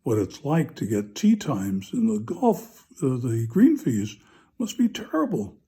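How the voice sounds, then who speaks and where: A priest voicing a fussy older husband and golfer who has just arrived in heaven, with a fretful, grumbling manner, while telling a joke in a homily. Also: male voice, medium pitch, huge pitch swings, measured pace, warm tone, husky, voice pushed down, full character voice.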